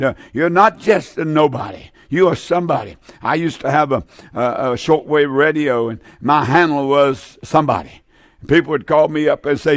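Man, radio preacher, gravelly, emphatic repetition, dry close sound. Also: a little high, normal speed, dry recording. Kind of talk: broadcast sermon with call-in number.

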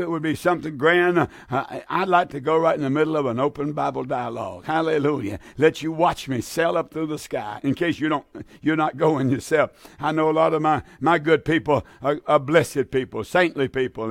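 A man's voice: a little high, no echo. Fervent preacher man, dry close mic. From American South. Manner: fervent, excitable, repeats and stumbles over words. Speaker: radio preacher. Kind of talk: radio sermon.

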